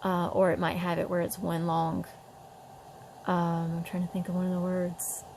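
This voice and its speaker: A woman with a low, gravelly voice explains phonics in a relaxed home tutorial. She speaks on a flat, even pitch and slows down to sound out words. A faint hiss of noise sits behind her. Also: rough recording. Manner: demonstrates sounds slowly, chatty with fillers. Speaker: parent teaching reading.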